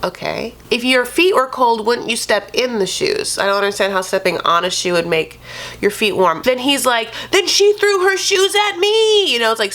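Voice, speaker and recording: A woman's voice: fairly high pitch, pushed and bright. A woman recapping reality television in a sassy, gossipy, casual commentary style. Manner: sassy, gossipy, says "honey" and "like" constantly.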